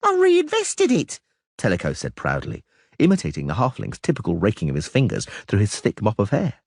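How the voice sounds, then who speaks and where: Male audiobook narrator, husky, dry close recording. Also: quick pace, no room sound. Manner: lower, steady narrating voice between voiced characters. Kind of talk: scripted narration.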